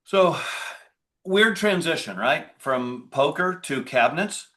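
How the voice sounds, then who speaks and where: A man's voice: on the high side, lively intonation, takes it slowly, fairly bright tone. A man being interviewed as a guest. He talks in a conversational, rambling way and often restarts his sentences. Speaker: podcast guest, business owner. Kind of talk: casual interview talk.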